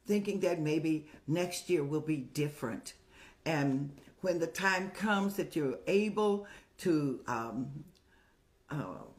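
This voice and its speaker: With a deep, slightly mellow voice, an older woman runs a live-streamed advice show. She lectures in a motherly way, addresses her audience as "child," and laughs as she tells her stories.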